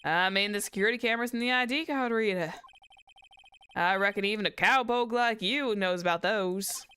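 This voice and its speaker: A woman's voice: medium pitch, normal speed, pushed and bright, clear, resonant tone, natural voice. A woman voicing a laid-back cowboy lawman with a put-on Southern twang, reading game dialogue aloud. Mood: folksy. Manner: laid-back, folksy, slangy drawl.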